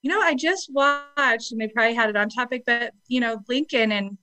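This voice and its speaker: A woman's voice: on the high side, a little fast, pushed and bright, dry recording, rough recording. A woman chatting as a guest over a video call, bubbly and laughing often. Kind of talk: casual chat.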